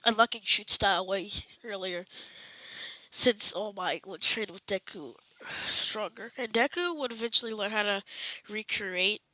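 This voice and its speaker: A woman's voice: mid-range voice, measured pace, pushed and bright, no echo, low-quality recording. A woman casually improvising a fan story, rambling with many restarts and self-corrections.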